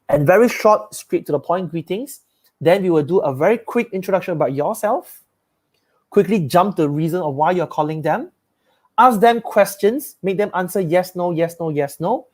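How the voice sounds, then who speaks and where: A man's voice: sits high, a little mellow. Man, sales coach, upbeat and emphatic, hammers his points home by repeating them. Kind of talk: live-streamed sales training talk.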